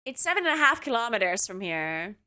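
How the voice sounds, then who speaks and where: A woman with a bright, fairly high voice chats casually to her stream viewers from home. She talks in loose, rambling runs, full of "like" and "um" and restarts, close on a desk mic. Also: sing-song, a little fast, clear, resonant tone. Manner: chatty, many fillers and restarts. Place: home apartment.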